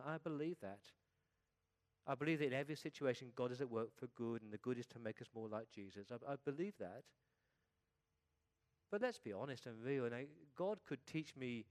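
A middle-aged man, a pastor, preaching a sermon in an earnest way, often dropping his voice softly at the ends of his points. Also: medium pitch.

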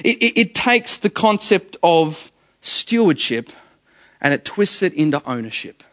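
A middle-aged man delivering a sermon, his voice pitched a little high for a man. He preaches in a lively storytelling way, stumbling into repeated words as he speaks straight to the congregation. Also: unhurried. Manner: animated storyteller, repeats words, addresses listeners as guys. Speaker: pastor.

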